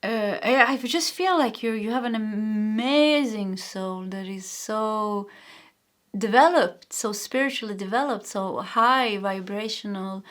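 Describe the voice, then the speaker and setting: Swedish lady doing a tarot card reading, gentle and reassuring, laughs softly, mid pitch. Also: unhurried. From Sweden. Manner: gentle, reassuring, with frequent soft laughs and restarts. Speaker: tarot reader.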